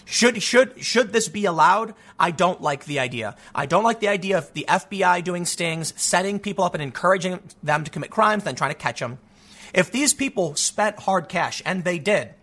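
A man's voice: sits high, fairly bright tone. A man hosting his own show, giving casual, opinionated commentary, thinking aloud with frequent restarts and weighing both sides.

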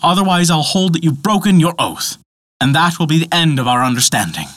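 A man's voice: on the high side, animated, a little fast, fairly bright tone, dry recording, pitched above the performer's own voice. A stern, suspicious old magician with a raised, insistent voice that rises and falls, put on by a male storyteller. Close and dry. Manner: stern, exacting. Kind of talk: storybook narration.

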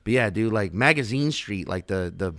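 A man's voice: lowish voice, animated, normal speed, a bit bright, no room sound. A man from the New Orleans area in his thirties, a comedian rambling and swearing in casual podcast chat. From New Orleans area, Louisiana. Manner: rambling, profane, laid-back.

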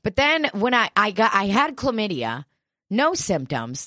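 Laughing often, a young St. Louis-area woman gives a profane, animated retelling of a funny personal story as a guest storyteller in a crude comedic vein. Her pitch is medium and her delivery unhurried. There's no room sound, and the quality is studio-grade.

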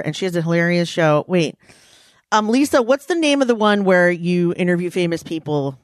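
A woman's voice: fairly low pitch, lively intonation, normal speed, dry recording, studio quality. A woman hosting a podcast, chatting casually in a playful, jokey way. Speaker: podcast host. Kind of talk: casual chat.

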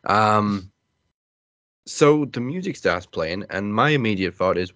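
A man co-hosting a casual wrestling podcast, easygoing and quick to laugh, with some stammered restarts. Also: lowish voice, lively intonation, fairly bright tone, no echo, lo-fi sound. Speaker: podcast co-host.

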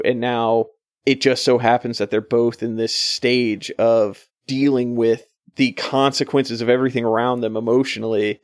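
A man in a casual podcast chat, weighing the story's choices in a measured, thoughtful way. His mid-pitched voice sounds dry and close, with no room echo. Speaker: podcast co-host. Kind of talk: casual book discussion.

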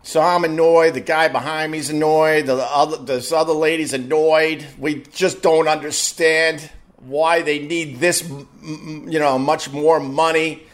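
A man's voice: on the high side, fairly even intonation. Exasperated man telling a story. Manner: exasperated, swearing, quick restarts. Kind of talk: casual anecdote rant.

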